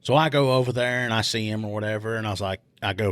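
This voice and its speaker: Low-voiced cop telling stories. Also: male voice, fast talker, clear, resonant tone, no echo. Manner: animated retelling, acts out quotes in raised voice. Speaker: police officer telling stories. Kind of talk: casual storytelling. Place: podcast studio.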